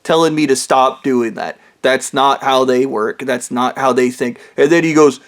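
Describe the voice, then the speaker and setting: A man's voice: mid-range voice, fairly even intonation, normal speed. A man vlogging a profane, rambling monologue in a bitter, aggrieved tone. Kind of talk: ranting monologue.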